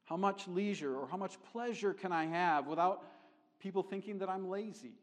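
A middle-aged man preaching a sermon as a visiting missionary, conversational and joking, growing animated as he builds a point. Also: high-pitched, moderate pace. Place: church sanctuary. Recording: long hall reverb.

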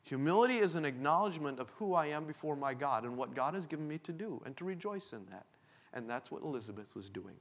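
A man preaching a sermon, a father with a young daughter, reading scripture slowly and loudly and talking in an animated way. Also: a little high, lo-fi sound. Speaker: pastor.

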